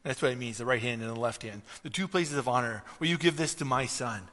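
A man's voice: medium pitch, lively intonation, quick pace, pushed and bright. A man preaching a conversational sermon, telling a story and then rising to emphatic questions. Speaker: pastor. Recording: reverberant hall.

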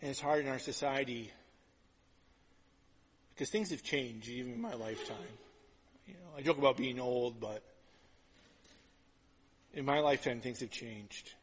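A man's voice: medium pitch, husky. Preacher man in a reverberant hall. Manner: storytelling, animated and conversational, with quick repeated restarts. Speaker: pastor. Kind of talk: sermon.

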